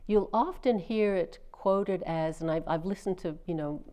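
A middle-aged woman teaches at a meditation retreat, telling the story in a relaxed, conversational way with small fillers and restarts. Her voice sits a little low and sounds warm and mellow, and she speaks like a teacher giving a dharma talk. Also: normal speed.

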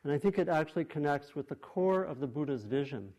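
A man gives a dharma talk to a group in a meditation hall, teaching meditation in a thoughtful, unhurried way with frequent pauses and restarts. His voice is fairly high-pitched and expressive, with a dark tone.

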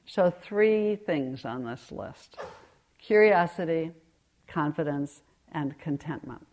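An older woman in her sixties, a meditation teacher giving a gentle, unhurried dharma talk at a retreat, telling stories with pauses. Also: low voice.

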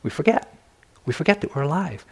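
A man's voice: a little high, lively intonation, brisk, husky. An older man giving a meditation dharma talk, telling personal stories candidly with self-deprecating humor. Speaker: meditation teacher.

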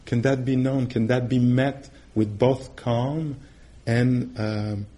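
A man's voice: mid-range voice, fairly even intonation, slow, dark tone. A middle-aged man giving a meditation talk in a casual, conversational way, laughing often and acting out quoted voices. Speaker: meditation teacher. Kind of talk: dharma talk.

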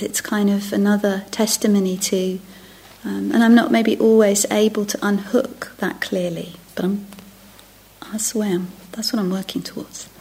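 Middle-aged woman, meditation teacher. Gentle, reflective dharma-talk delivery that often sinks to a whisper. Husky with some vocal fry. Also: mid-range voice. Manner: soft and reflective, often dropping to a near-whisper; self-interrupting, restarting phrases. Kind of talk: dharma talk to a retreat group.

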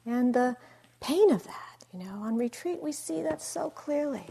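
Unhurried, reflective woman meditation teacher. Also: high-pitched, lively intonation, vocal fry, slight background noise. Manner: reflective, unhurried, with soft asides. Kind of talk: dharma talk.

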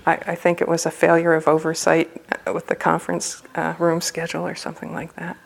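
A woman's voice: deep voice, completely flat delivery, fast talker, vocal fry. A woman meditation teacher giving a dharma talk at a retreat center, telling a personal story in a humorous, loose, conversational way.

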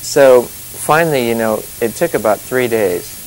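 A man's voice: medium pitch, expressive, unhurried, low-quality recording. Man, meditation teacher, casual dharma talk, chuckles a lot, rambling asides, light background hiss. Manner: chatty, rambling, laughs often, many "you know" and "you see" asides.

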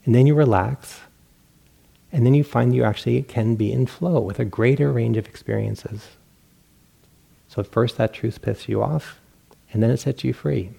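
Middle-aged meditation teacher guy, gravelly husky voice, laid back and self-mocking. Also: medium pitch, normal speed, pauses often. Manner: relaxed, self-mocking, acts out inner voices. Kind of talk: dharma talk.

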